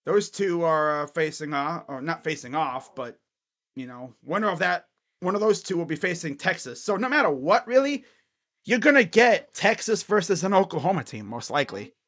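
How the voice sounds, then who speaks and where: A man's voice: a little high, expressive, normal speed, fairly bright tone. A man streaming casual college football chat, thinking aloud and rambling with fillers and restarts. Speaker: sports streamer.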